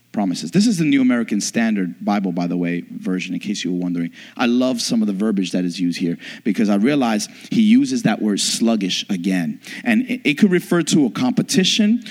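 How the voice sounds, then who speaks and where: A man's voice: medium pitch, darkish tone. A man preaching a sermon as pastor, emphatic, with frequent rhetorical questions to the congregation. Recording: long hall reverb.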